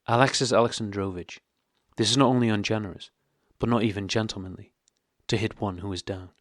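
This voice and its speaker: A distressed young wife, read by a man, speaking softly and pleadingly, close to a whisper. The voice stays low and unaltered. The recording is dry and intimate. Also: steady tone, brisk, no echo, natural voice. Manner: soft, pleading, near-whispered. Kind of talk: audiobook character reading.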